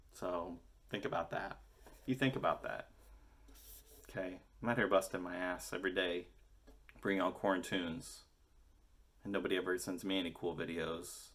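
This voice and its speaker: Low-voiced rambling man chatting casually. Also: a bit bright. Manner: rambling, jokey, swears casually. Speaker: musician vlogger. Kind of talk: casual rambling chat to camera.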